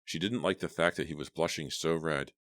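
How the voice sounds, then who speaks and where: Deep-voiced guy reading a scary audiobook, steady, dry close sound. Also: fairly quick, dry recording. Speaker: audiobook narrator. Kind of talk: scripted horror novel narration.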